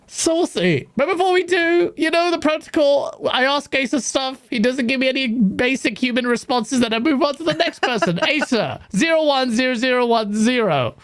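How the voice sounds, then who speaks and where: A woman hosting a casual gaming talk show, energetic and playful, laughing often. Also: high voice, moderate pace, hardly any pauses. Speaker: host.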